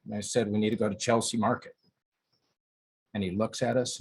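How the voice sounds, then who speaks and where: Man from North Iowa, interviewee, husky voice, animated storyteller. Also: mid-range voice, a little fast. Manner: vivid storyteller acting out quoted voices. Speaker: interviewee, eyewitness. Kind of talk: recounting a personal story.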